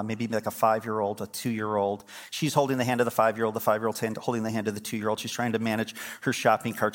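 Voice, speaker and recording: A middle-aged man preaching a sermon as pastor, telling stories and building to emphatic, fervent points. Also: fairly low pitch. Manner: storytelling, swings from quiet to emphatic.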